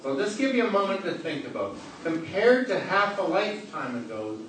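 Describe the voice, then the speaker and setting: A man's voice: high voice, very animated, fairly quick, fairly bright tone. A man giving an interactive sermon to a live audience, playful and joking as he questions people in the room. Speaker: preacher. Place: large hall with a live audience. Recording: echoey hall, distant, noisy.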